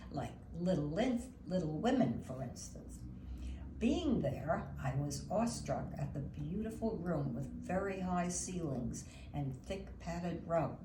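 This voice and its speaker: An older woman from Brooklyn reads her own memoir, unhurried and gentle as she looks back. Her voice sits low for a woman, and the words come slowly. The room rings a little, with a faint hiss underneath. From Brooklyn, New York. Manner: slow, gentle, reminiscing. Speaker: memoir narrator. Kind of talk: reading a personal memoir aloud. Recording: roomy echo, faint background noise.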